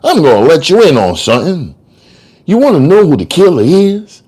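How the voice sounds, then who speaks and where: A man's voice: on the high side, huge pitch swings, a little slow, heavily acted. A man voicing a street-smart male trial lawyer who argues in slangy, sing-song courtroom oratory. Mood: accusing. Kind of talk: dramatic audiobook reading.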